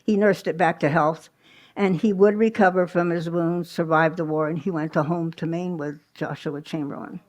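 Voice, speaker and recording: A woman presents a history program to a live audience at a small museum. Her voice sits on the lower side, and she tells the story conversationally, stopping for asides and little restarts. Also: steady tone, moderate pace, a little mellow.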